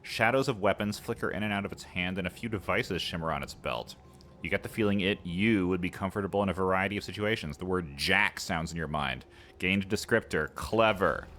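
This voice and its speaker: Low-voiced man reading a game aloud. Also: brisk, pushed and bright. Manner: playful, chatty asides to viewers. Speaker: let's play host.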